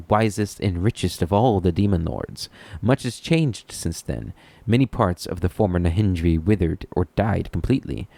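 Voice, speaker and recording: A man's voice: sits low, gravelly, darkish tone, no room sound. A man voicing a greedy, haughty male demon lord trapped in a toothy treasure chest, reading his lines in a game. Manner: greedy, wheedling.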